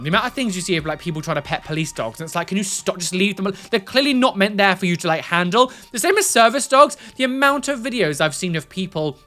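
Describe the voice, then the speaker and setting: A woman's voice: fairly low pitch, a bit bright. A young woman giving rambling, chatty reaction commentary on video clips.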